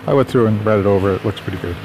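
A man's voice: fairly low pitch, very fast. Man, casual walking vlog, chatty and rambling, slightly winded, outdoors, faint street noise. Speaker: author vlogging on a walk. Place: outdoors on a sunny suburban street.

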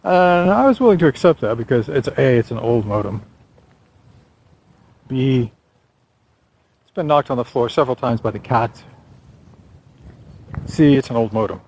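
A man's voice: medium pitch, lively intonation, normal speed, long pauses, a little mellow, poor audio. A man talking through his writing plans in a casual walking vlog, rambling and correcting himself with a wry tone. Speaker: vlogger and novelist.

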